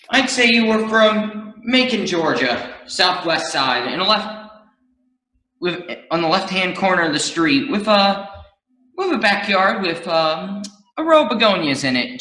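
A man's voice: high voice, lively intonation, a little slow, bright, forceful tone, echoey room, heavily acted, rough recording. An actor playing a cocky, hard-boiled private eye who drawls smug tough-guy lines, in an amateur virtual stage reading.

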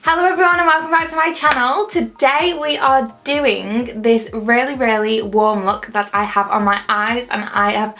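A woman's voice: a little high, fairly even intonation, normal speed, hardly any pauses, pushed and bright. A young woman narrating a makeup tutorial in a bubbly, gushing, chatty way. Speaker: makeup vlogger.

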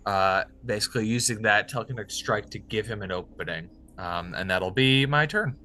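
A man playing an online tabletop game, energetic and playful, declaring his attacks with gusto and the odd swear. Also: fairly low pitch, fairly quick, slight background noise. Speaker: player.

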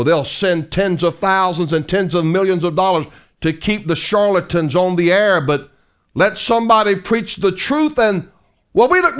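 A middle-aged man preaching a fiery sermon as an evangelist, emphatic and mocking, full of rhetorical questions. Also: sits high.

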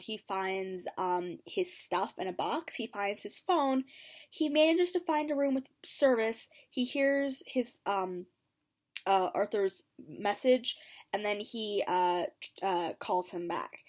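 Woman, mid-pitched, casual reaction host, chatty and giggly, voices quotes with extra pep. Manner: chatty, giggly, lots of ums and likes; acts out quotes in lively higher voices. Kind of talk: casual episode recap.

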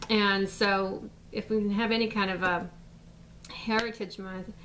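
A woman's voice: mid-range voice, fairly even intonation, unhurried, a bit bright, recorded from a distance, a little hiss or hum, low-quality recording. An American woman, a mother, speaking out in a rambling casual statement full of fillers and restarts. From United States.

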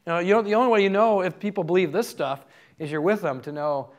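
A conference speaker gives a conversational teaching talk to a live audience, telling stories earnestly. His voice sits high, and he speaks at a quick pace.

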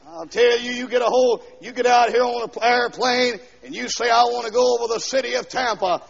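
A man preaching a fiery revival sermon, dropping to quiet asides and then shouting and singing out lines, heard on a dull 1970s LP recording from a church. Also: very high-pitched, normal speed, gravelly. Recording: dull 1970s LP recording with long hall echo.

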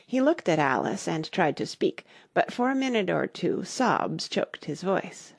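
Woman reading a storybook aloud, low gravelly voice, dry close sound. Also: moderate pace, no room sound. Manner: expressive reading. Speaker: audiobook narrator. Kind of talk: storybook narration.

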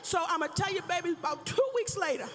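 A woman stand-up comedian telling a profane story in a brash style with loud outbursts, on a live stage. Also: extremely high pitch, lively intonation, quick pace, faint music behind. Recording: reverberant live venue.

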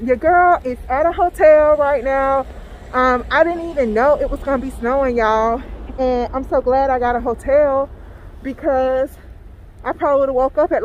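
A woman's voice: sits high, dull audio, a little hiss or hum. A Southern American woman vlogging outdoors in the snow, exclaiming dramatically and calling out to her viewers as she walks with her phone. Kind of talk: casual vlog, talking to camera.

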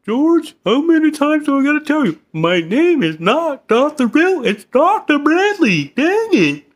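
A man's voice: high-pitched, moderate pace. A man playing a formal, patient therapist in a comedy skit. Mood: exasperated. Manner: calm, formal, patient, then exasperated. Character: patient male therapist, older.

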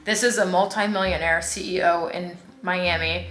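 A woman's voice: fairly low pitch, steady tone, moderate pace, fairly bright tone. A woman vlogger telling a casual storytime in a sassy, blunt way with asides to her viewers. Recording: echoey room, faint music.

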